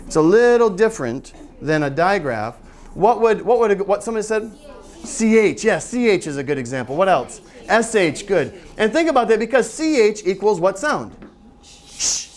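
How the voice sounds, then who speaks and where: A man teaches a room of listeners in a phonics seminar, his pitch rising and falling in a lively way. He keeps asking them questions and sounds out letters slowly and deliberately. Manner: quizzing the audience with call-and-response questions; models sounds slowly and carefully. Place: seminar room with a live audience.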